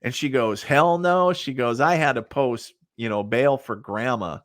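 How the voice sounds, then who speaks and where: A man's voice: mid-range voice, moderate pace, no room sound, studio quality. A middle-aged man, a psychic medium, chatting as a podcast guest and telling rambling stories full of fillers. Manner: rambling, many fillers, laughs at his own stories. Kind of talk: casual storytelling in a podcast interview.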